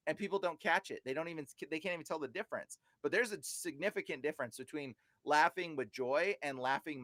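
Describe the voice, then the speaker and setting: A man telling stories as a podcast guest, lively and acting out the voices of the people in them. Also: mid-range voice, no room sound. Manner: animated, acts out quoted voices with laughs. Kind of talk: casual storytelling.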